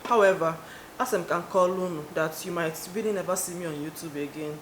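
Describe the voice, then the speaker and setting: A woman's voice: fairly low pitch, a little fast. A young woman vlogging to camera in a casual, rambling, wry way, often trailing off with "like". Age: young adult. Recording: echoey room with faint noise.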